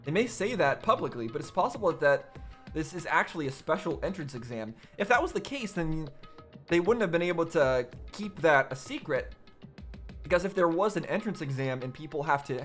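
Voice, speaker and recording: A man's voice: fairly high pitch, a bit bright. A man playing a story game blind for the first time, thinking aloud and restarting his sentences as he puzzles things out. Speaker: gaming video host. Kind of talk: blind playthrough commentary.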